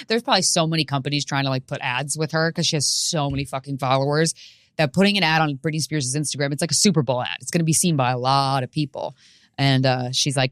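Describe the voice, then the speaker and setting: Brief: woman, podcast comic, low voice, rambling and profane, bursts into yells, dry close mic. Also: fairly quick, no room sound. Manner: profane, rambling, animated with sudden shouted bits. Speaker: podcast host and stand-up comedian. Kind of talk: solo comedic monologue.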